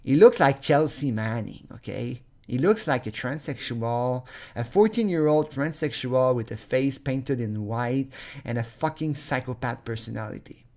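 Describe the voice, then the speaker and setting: A man's voice: medium pitch, lively intonation, moderate pace, a little mellow. A man ranting angrily on his own channel, swearing often, tripping over his words and breaking into laughter. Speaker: vlogger. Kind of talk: profane comedic rant.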